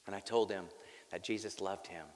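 A man's voice: low voice, steady tone, moderate pace, darkish tone. A man preaching a sermon as a pastor. He tells a personal story earnestly and candidly, repeats words as he goes and drops in wry jokes. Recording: long reverb of a large hall.

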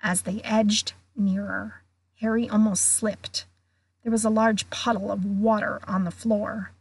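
A woman guest reader reading a children's novel aloud in an expressive way. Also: mid-range voice, husky. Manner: slow, expressive.

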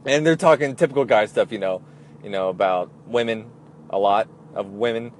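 A man's voice: fairly low pitch, normal speed, a little hiss or hum. Young man telling a rambling story. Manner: rambling, acts out others' voices in quotes. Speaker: former airline gate agent. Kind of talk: casual storytelling.

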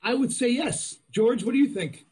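A man's voice: extremely high pitch, normal speed, darkish tone, husky. A man hosting a podcast, talking casually and enthusiastically. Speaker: podcast host. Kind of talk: casual conversation.

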